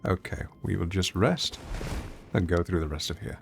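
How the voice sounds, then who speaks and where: An Englishman with a low, creaky voice streams a game, offering wry, theatrical commentary at a moderate pace. Background noise is audible in the recording.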